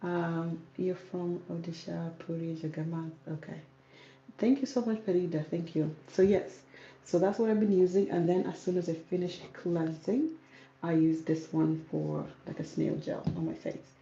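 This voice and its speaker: Calm soft-spoken woman, gravelly low voice. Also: normal speed, echoey room, dull audio, slight background noise. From South Sudan. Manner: calm, soft-spoken, reads out viewer comments. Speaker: YouTuber. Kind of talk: casual livestream Q&A. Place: home room with ring light. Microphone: camera on ring light.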